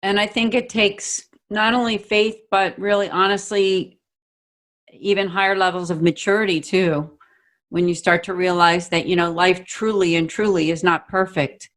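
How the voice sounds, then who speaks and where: A woman hosting a podcast, thinking aloud in a reflective, agreeable way with soft fillers. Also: mid-range voice, fairly even intonation, moderate pace. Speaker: podcast host. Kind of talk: conversational podcast talk.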